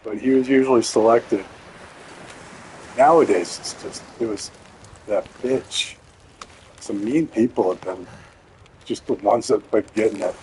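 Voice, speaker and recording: A man's voice: fairly low pitch, measured pace, long pauses, a little mellow, slight background noise, low-quality recording. A man streaming a game, telling a rambling, profane story in a casual way. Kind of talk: casual storytelling while gaming.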